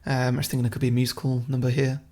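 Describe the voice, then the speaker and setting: Man with a gravelly, rambling storytelling voice. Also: mid-range voice, level tone, rapid-fire, a little mellow. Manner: rambling storyteller who chuckles at his own ideas. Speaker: podcast co-host. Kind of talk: casual chat, pitching a comic plot.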